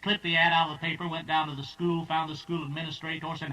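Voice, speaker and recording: A man's voice: a little high, level tone, fast talker, hardly any pauses, pushed and bright. A man telling folksy jokes on stage, drawling through long stories and slipping into character voices. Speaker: stand-up comedian. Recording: distant, old tape transfer.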